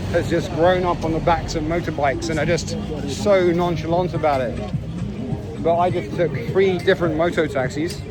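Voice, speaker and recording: A man talking in a casual, wry travel vlog while walking outdoors on a busy city street. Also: a little high. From England. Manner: chatty, wry and self-mocking. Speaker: travel vlogger. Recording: noisy outdoor street recording. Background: street traffic and city noise.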